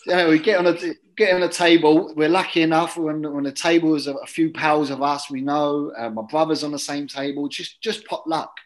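A man telling a long casual anecdote as an interview guest, chatty and drifting into quiet muttered asides. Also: a little high, steady tone, a little fast, few pauses, low-quality recording. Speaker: guest, former footballer.

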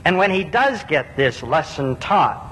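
A man's voice: big pitch swings, unhurried, a bit bright. A man preaching a sermon, earnest and emphatic, with rhetorical questions and repeated words. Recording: long reverb with faint low rumble.

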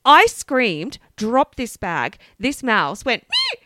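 A woman co-hosting a podcast, telling an animated story in casual chat, swearing and laughing freely. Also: on the high side, takes it slowly, a little hiss or hum. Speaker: podcast co-host.

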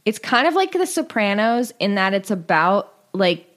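A woman's voice: mid-range voice, sing-song, moderate pace, fairly bright tone. A young woman co-hosting a podcast, chatty and gushing, full of "like" fillers. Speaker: podcast co-host. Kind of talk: casual chat.

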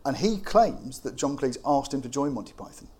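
A man's voice: mid-range voice, lively intonation, normal speed, dark tone, slightly rough. A British man co-hosting a podcast, chatting about a film with enthusiasm and rambling restarts. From Britain. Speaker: podcast co-host. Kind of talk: casual chat about a film.

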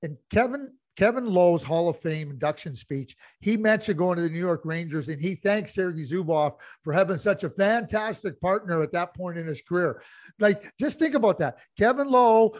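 A man's voice: sits high, no echo. A man co-hosting a podcast, breaking down the game in casual chat, with frequent restarts. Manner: analytical, many restarts and fillers. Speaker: podcast co-host, hockey analyst.

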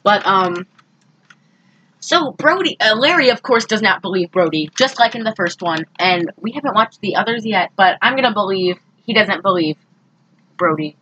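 A woman co-hosting a casual podcast, recapping a movie in an animated, exasperated way. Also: mid-range voice, normal speed, a little hiss or hum, low-quality recording. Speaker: podcast co-host.

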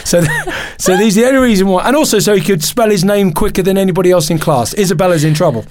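A man, a podcast guest, telling a candid personal story in an animated, emotional way, often restarting and laughing at himself. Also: sits high, very fast, hardly any pauses, slight background noise.

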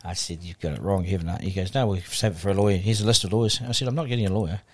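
A man's voice: sits low, racing. A middle-aged man with a New Zealand accent telling a story as a podcast guest, acting out the dialogue as he goes. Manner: animated anecdotal storytelling, acting out quoted dialogue. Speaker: guest broadcaster.

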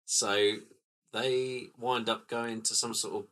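A man's voice: medium pitch, flat delivery, slow, sharp tone. A man co-hosting a casual film podcast, laid-back and unsure, mostly giving short replies. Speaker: podcast co-host. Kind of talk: casual film-review chat.

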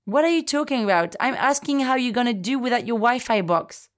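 A woman voicing her older mother, who is proud, bossy and quick to take offence. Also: on the high side, expressive, natural voice. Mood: questioning.

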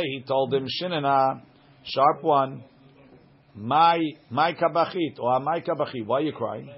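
A man teaches a Talmud class, reading a phrase of the text aloud and then explaining it in plain words. His pitch sits in the middle range for a man. The recording sounds dull and lo-fi. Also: husky. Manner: reads Aramaic text then translates it line by line.

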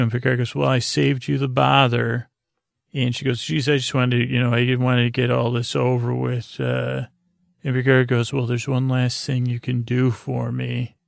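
Man, podcast host, monotone gravelly rambling recap, dry close sound. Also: mid-range voice, dry recording. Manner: rambling, full of uh and "he goes" asides. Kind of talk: casual, drowsy recap.

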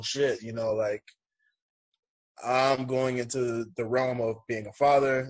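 A man's voice: medium pitch, poor audio. A man on a video call, casually and emphatically telling a personal story as a guest. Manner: emphatic, animated, acts out dialogue. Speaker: guest, first-time father.

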